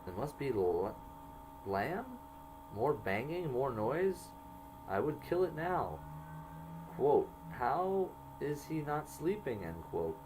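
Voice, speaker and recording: A man slowly reading entries from his own jail journal aloud, marking each quoted line by saying quote and end quote. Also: mid-range voice, noisy background.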